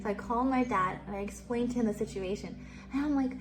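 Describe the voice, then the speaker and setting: A woman's voice: on the high side, fast. A young woman streamer in her twenties telling stories in a casual chat, giggling often and swearing casually.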